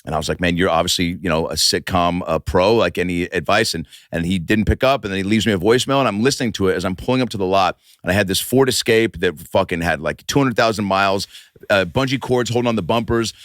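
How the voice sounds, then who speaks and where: A man's voice: sits low, fast, a bit bright, no room sound, clean studio sound. A man in his forties, a comedian guest on a casual podcast, telling long profane stories with many restarts. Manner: rambling anecdotal storytelling, profane.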